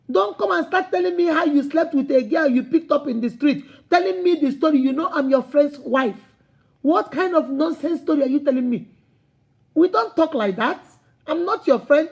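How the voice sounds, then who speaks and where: A woman's voice: sits high, a little mellow. A woman with a Nigerian accent hosting a live advice stream, outspoken, scolding and humorous. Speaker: host.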